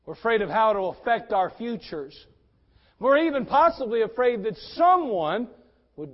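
A man preaching a sermon at a church service, animated and acting out the voices of people in his stories. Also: high-pitched, normal speed, lo-fi sound. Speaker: pastor.

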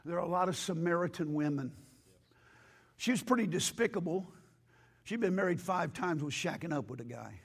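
A male pastor preaching a sermon in a church with impassioned, rising delivery, hoarse from losing his voice. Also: on the high side, animated, normal speed.

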